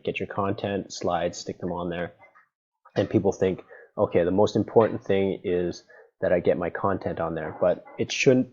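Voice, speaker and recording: A man's voice: sits low, darkish tone. A man lecturing on presentation design in a conversational, playfully sarcastic way, checking in with "right?" and "okay?" again and again. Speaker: university lecturer. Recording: dull lo-fi lecture recording.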